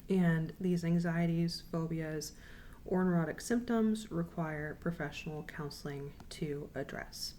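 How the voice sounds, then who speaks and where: Low-voiced young woman presenting a quiz. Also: dark tone, slight background noise. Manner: measured, repeats questions and options slowly, frequent ums. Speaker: counseling student presenting. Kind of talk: recorded class presentation with quiz questions.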